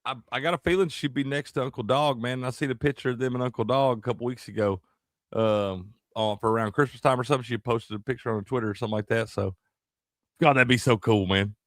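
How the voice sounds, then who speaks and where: A man's voice: mid-range voice, fast, dry recording, clean studio sound. A man co-hosting a live sports betting show, bantering casually with slang and greeting viewers. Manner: easygoing, drawling banter with slang. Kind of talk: casual live-stream chat.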